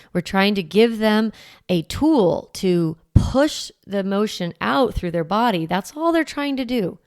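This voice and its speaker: A woman's voice: medium pitch, gravelly, darkish tone, dry recording, clean studio sound. A woman podcast host coaching parents in a direct, practical way, sometimes acting out the firm lines a parent might say. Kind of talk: podcast advice talk.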